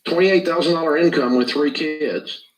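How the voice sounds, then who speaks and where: Radio advice host, distant roomy sound. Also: male voice, fairly high pitch. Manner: measured, pointed, stresses figures. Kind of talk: radio call-in advice commentary.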